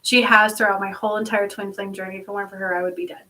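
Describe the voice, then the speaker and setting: A woman speaking as a spiritual channeler in a casual livestream monologue, excited and rambling, laughing often and dropping into soft asides. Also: medium pitch, rapid-fire, recorded from a distance, poor audio. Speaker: spiritual channeler streaming to followers.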